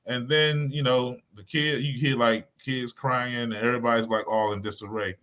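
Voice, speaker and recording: Male co-host, casual panel talk, animated storyteller, average pitch. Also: moderate pace. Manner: animated storytelling, acts out voices in retelling.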